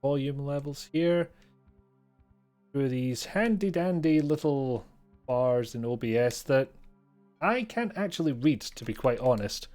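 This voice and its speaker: Scottish male streamer, middle-pitched, casual and self-deprecating, rambling desk-mic chat. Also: animated, measured pace, a little mellow, soft background music. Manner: rambling, self-mocking, chuckles often.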